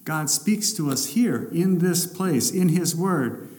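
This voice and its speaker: A man preaching from the pulpit in a somewhat high voice. He delivers his sermon with dramatic swings, rising loud and forceful on some lines and dropping low and hushed on others. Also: animated, takes it slowly. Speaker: pastor.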